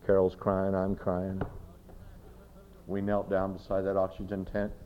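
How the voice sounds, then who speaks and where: A man's voice: sits low, monotone, unhurried, highs cut off, a little hiss or hum. A male pastor preaching a sermon, telling personal stories emphatically and speaking straight to his listeners. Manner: emphatic storytelling, direct address to listeners.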